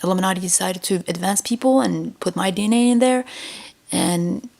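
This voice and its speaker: A woman's voice: medium pitch, brisk, gravelly, darkish tone. A woman in a rambling vlog monologue, repeating emphatic warnings to her viewers. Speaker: vlogger. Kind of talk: rambling direct-to-camera monologue.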